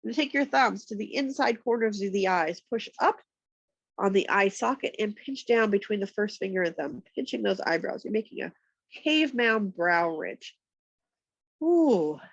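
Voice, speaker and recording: A woman with a stuffy, congested voice, calmly giving slow step-by-step yoga and massage cues on a nearby mic. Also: medium pitch, creaky, slightly rough, no echo, highs cut off. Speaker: yoga instructor. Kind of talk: guided yoga instruction. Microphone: external mic nearby.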